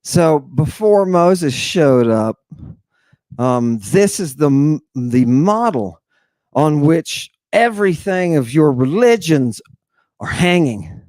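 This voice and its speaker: A man with a fairly high voice lectures in a slow, drawn-out way. He is dramatic, fires off rhetorical questions and sinks to near-whispers. The sound is dry and close, with no room around it. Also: very animated, dry recording. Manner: dramatic, rhetorical questions, sudden hushed drops. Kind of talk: theatrical lecture on ancient texts.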